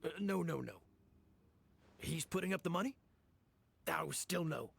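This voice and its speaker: A gravelly haggler with a put-on Irish lilt. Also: male voice, fairly high pitch, animated, a little slow, a bit bright, full character voice. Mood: shrewd haggling. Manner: shrewd, bargaining, sly. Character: wily adult male odd-job worker haggling.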